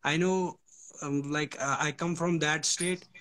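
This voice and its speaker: A man's voice: a little high, steady tone, measured pace, a bit bright. A man from Kashmir with an Indian accent, calling in to a live show, polite and eager, with many hesitations. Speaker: caller.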